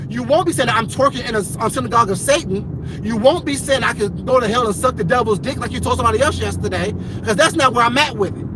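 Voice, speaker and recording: Woman ranting outdoors over traffic noise. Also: on the high side. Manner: confrontational, profane, swings between measured and loud. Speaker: vlogger. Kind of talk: heated direct-to-camera rant. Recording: noisy outdoor recording with traffic.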